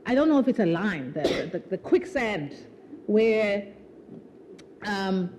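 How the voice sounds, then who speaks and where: Slow but very animated, a woman with a medium-pitched, darkish voice chats with a live audience at her own book launch during a festival event. She laughs often and restarts sentences with repeated words, and there's slight background noise.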